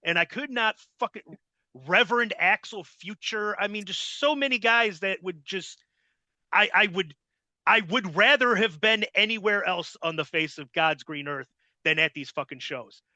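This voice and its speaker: A man's voice: sits high, normal speed, pushed and bright, dry recording. A man hosting a podcast, telling stories in a blunt, heavily profane casual style. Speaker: podcast host. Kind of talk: casual interview storytelling.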